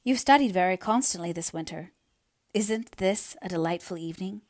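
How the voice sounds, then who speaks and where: A woman voicing an emotional young woman who pleads and rushes, her voice lifting high. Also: no echo, clean studio sound, close to an everyday voice. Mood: pleading. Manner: rapturous, pleading, then distressed.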